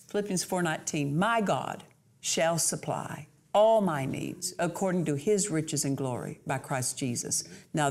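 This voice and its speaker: A woman delivers a sermon in a fairly low voice. She is earnest and emphatic, driving points home by repeating phrases. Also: a little mellow. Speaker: preacher.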